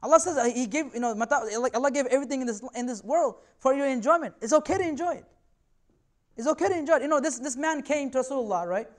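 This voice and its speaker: A man's voice: very high-pitched, animated, quick pace. A man giving a religious talk to students, earnest and conversational, reassuring his listeners in a loose, chatty way. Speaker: invited speaker.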